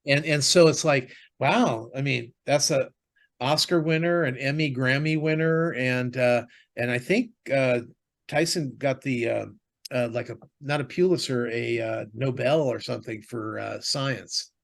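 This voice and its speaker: A man's voice: medium pitch, a little slow, vocal fry. A man co-hosting a podcast, chatting casually about TV shows and movies, rambling with lots of fillers and restarts. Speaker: podcast co-host.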